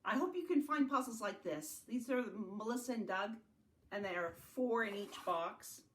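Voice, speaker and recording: A woman from Canada leading a virtual family literacy circle, singing rhymes and talking gently and encouragingly to young children. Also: fairly high pitch, animated, normal speed, a little hiss or hum. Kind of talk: virtual circle-time lesson with songs and rhymes. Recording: distant mic in an echoey room.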